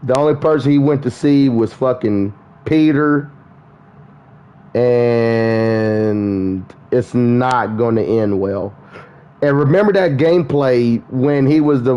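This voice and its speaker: A man chatting casually on a gaming livestream, excitable and profane, laughing often as he talks. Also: mid-range voice, measured pace, lo-fi sound. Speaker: gaming streamer.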